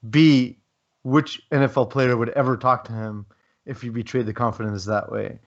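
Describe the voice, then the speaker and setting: A man's voice: mid-range voice, little pitch movement, moderate pace. Guy co-hosting a podcast, rambly, lots of ums and uhs, kinda dull lo-fi sound. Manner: rambling, filler-heavy, wry asides. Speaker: podcast co-host. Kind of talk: casual chat.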